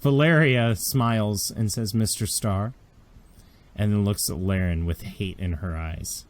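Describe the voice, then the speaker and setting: A man narrating as game master of a tabletop role-playing game, lively and often laughing. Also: fairly low pitch, unhurried.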